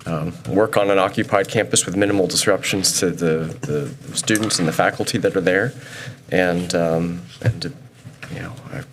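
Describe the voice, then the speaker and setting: A man school board member giving halting, thoughtful comments with many fillers. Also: deep voice, steady tone, a little hiss or hum. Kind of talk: public meeting remarks.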